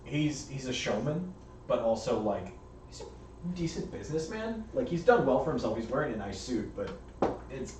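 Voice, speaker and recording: A man running a tabletop game as game master, lively and laughing, slipping briefly into character voices. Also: mid-range voice, moderate pace. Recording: roomy echo, distant mic, background noise.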